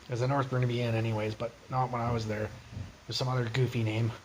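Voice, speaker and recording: A man's voice: medium pitch, flat delivery, fast talker, a little hiss or hum, poor audio. A young man livestreaming from his phone, telling profane, rambling street stories in casual chat.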